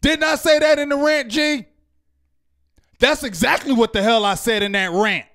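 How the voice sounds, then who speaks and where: A man hosting a sports reaction show, ranting heatedly and yelling at times. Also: very high-pitched, fairly even intonation, moderate pace, gravelly. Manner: loud, fired-up, repetitive, yells at times. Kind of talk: heated fan rant.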